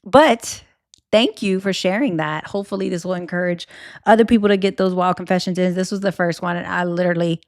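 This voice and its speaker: A woman's voice: lowish voice, steady tone, a little fast, dry recording, studio quality. A young woman with a Cajun accent hosting a solo podcast, talking candidly with lots of fillers and restarts. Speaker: podcast host.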